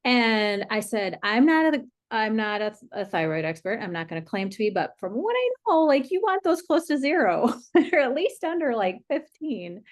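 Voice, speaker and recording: A woman's voice: a little high, big pitch swings, moderate pace, few pauses. Chatty woman podcast host. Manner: chatty, lots of "like" fillers, laughs often. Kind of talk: casual podcast interview.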